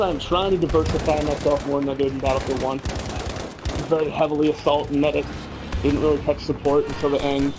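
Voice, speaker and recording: A man's voice: mid-range voice, noisy background. A man who leads a gaming clan, chatting casually in an interview, easygoing and laughing often. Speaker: clan leader.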